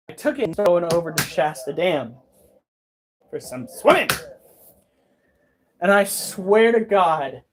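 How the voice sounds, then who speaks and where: A man casually telling a pet vlog audience an animated story and swearing freely as he goes. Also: high voice. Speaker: pet keeper and vlogger.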